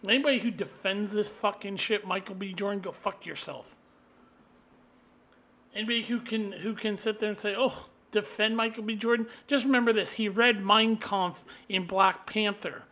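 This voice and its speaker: A man delivering an angry, profane solo rant, combative and swinging into loud outbursts. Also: sits high, normal speed. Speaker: vlogger.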